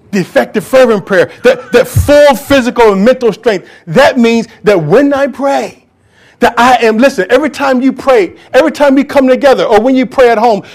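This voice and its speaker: A man preaching a sermon as pastor, impassioned and talking straight to the congregation, swinging from loud calls to hushed whispers. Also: very high-pitched. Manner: addresses congregation directly, acts out quoted voices.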